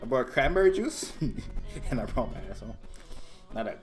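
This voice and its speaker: A man's voice: medium pitch, sing-song, normal speed, faint music behind. Profane young man in casual chat. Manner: loose, profane, laughing often. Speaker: podcast co-host.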